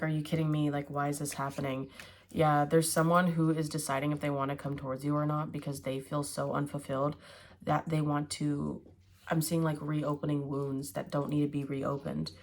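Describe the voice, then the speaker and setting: A woman's voice: sits low, a little mellow, a little hiss or hum. A woman giving a casual tarot reading, musing aloud with hums and fillers as she turns each card. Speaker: tarot reader.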